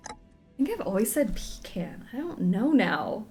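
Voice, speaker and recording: A woman's voice: fairly high pitch, big pitch swings, unhurried, darkish tone, soft background music. A young woman chatting through a video game playthrough, giggly and second-guessing herself. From Southern United States. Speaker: game streamer. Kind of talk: casual let's-play commentary.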